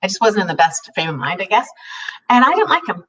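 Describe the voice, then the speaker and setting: A woman's voice: medium pitch, sing-song, fast talker, a bit bright. A middle-aged woman co-hosting a talk show, telling a personal story in an earnest, heartfelt way with many restarts. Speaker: co-host. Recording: voice a bit distant from the mic.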